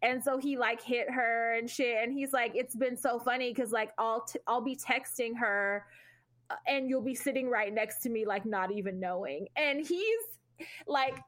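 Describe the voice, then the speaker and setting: Young woman podcast co-host, casual, animated storyteller, cusses freely, slightly high voice. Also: normal speed. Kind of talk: casual chat.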